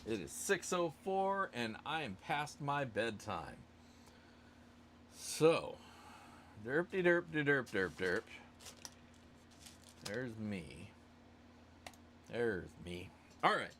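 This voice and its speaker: A man's voice: on the low side, sing-song, extremely slow, pauses often, a bit bright, slight background noise. A man hosting a casual live stream giveaway, rambling and joking at his own expense. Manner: rambling, self-joking, loose. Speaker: livestream host running a giveaway.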